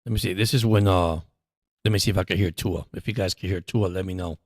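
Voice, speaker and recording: A man's voice: sits low, fairly even intonation, a little mellow, no echo, studio quality. A man hosting a live sports stream, chatting casually and calling the plays as he watches. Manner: chatty, rambling, quick to laugh.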